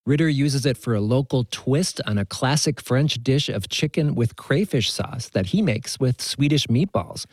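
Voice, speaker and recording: A man filing a scripted radio news report with a measured, even delivery. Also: mid-range voice, breathy edge, no echo.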